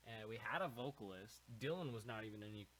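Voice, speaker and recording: A man's voice: lowish voice, animated, quick pace, fairly bright tone, a little hiss or hum, poor audio. A young man, a musician guest on a podcast, reminiscing in an easygoing, casual chat.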